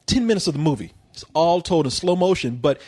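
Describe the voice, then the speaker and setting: A man's voice: fairly high pitch, lively intonation, a little fast, darkish tone, husky. A man reviewing a film in casual podcast chat, rambling with stammered restarts and frequent laughter.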